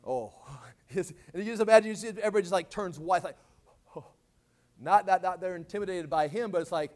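A man teaching a sermon verse by verse, casually explaining and acting out quoted lines in dramatic voices. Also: a little fast. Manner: animated, acts out quoted lines with big swings in pitch and volume. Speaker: Bible teacher. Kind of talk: expository sermon.

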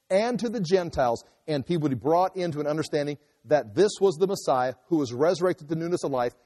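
A male pastor teaches through a passage in a loose, conversational sermon, full of restarts and asides. His voice sits a little high but sounds mellow and dark. The sound rings with long reverb through a large hall. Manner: conversational, restarts and asides while explaining scripture. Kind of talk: expository sermon.

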